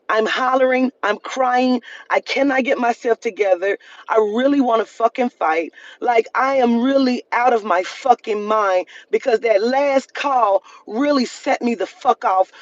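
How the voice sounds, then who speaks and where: A woman's voice: fairly high pitch, no room sound. A woman talks straight to camera in a heated, swearing rant, hammering her points home by saying them again. The sound is close and dry with little room around it. The top end is slightly dull. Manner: heated, profane, repeats lines for emphasis. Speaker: vlogger. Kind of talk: emotional storytime rant.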